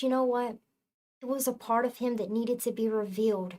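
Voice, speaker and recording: A woman's voice: a little high, normal speed, darkish tone. A woman talking to her viewers as a spiritual reader, in casual, earnest and emphatic speech that swears freely. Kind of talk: casual spiritual talk to camera.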